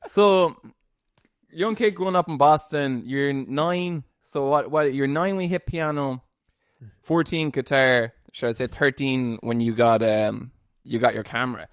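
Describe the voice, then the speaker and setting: A man's voice: medium pitch, unhurried, smooth, dry recording, clean studio sound. A man with an Irish accent hosting a casual podcast interview, chatty and slangy, with plenty of fillers. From Ireland. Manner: laid-back, slangy, chatty with lots of fillers. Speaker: podcast host.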